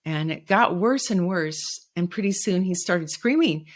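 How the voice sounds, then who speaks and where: A woman's voice: fairly low pitch, animated, measured pace. A middle-aged woman hosting a podcast, telling a personal story in an earnest, reflective way. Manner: reflective, earnest, quoting others with raised voice. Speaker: podcast host.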